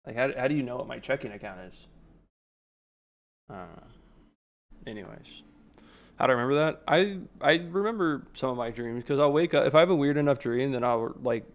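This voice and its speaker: A man's voice: mid-range voice, expressive, fairly quick, pauses often. A man streaming, chatting casually and rambling through stories with lots of filler words. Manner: rambling, filler-heavy storytelling. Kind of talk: casual livestream chat.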